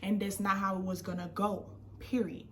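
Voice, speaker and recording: A woman's voice: medium pitch, little pitch movement, normal speed, a little hiss or hum. Young woman telling a rambling story. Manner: rambling, emphatic retelling with self-corrections. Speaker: vlogger. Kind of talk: casual storytime.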